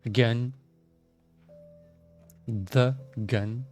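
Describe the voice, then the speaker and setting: A man's voice: medium pitch, fairly even intonation, drawn-out words, darkish tone, faint music behind. A man streaming a video game live, muttering to himself and poking fun at his own mistakes. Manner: muttering, self-deprecating. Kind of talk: live gameplay commentary.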